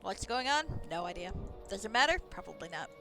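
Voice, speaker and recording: A woman's voice: mid-range voice, expressive, fairly quick, pushed and bright. A woman streaming a game, chatting casually and rambling with frequent laughs. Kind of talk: casual gameplay commentary. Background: game music.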